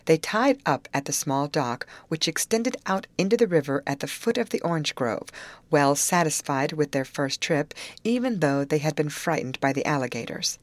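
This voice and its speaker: A woman reading a novel aloud as an audiobook narrator, expressive and giving each character a voice. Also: deep voice, normal speed, no echo.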